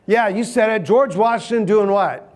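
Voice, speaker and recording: A man's voice: high-pitched, moderate pace. A middle-aged man, giving a sermon in a conversational, humorous storytelling manner and asking the audience questions.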